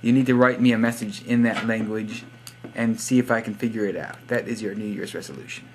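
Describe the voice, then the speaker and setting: A man's voice: on the low side, a little fast, slight background noise. A young man vlogging casually from his computer, joking in a silly, rambling way and now and then slipping into put-on accents. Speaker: YouTube vlogger giving shoutouts. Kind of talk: rambling casual vlog monologue. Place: home room at a computer.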